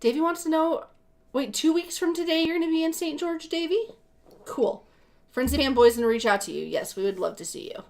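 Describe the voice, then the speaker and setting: A sleep-deprived woman co-hosting a casual livestream, chatty and bubbly, often trailing off softer. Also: sits high, animated, fairly quick, gravelly. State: tired from little sleep. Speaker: co-host.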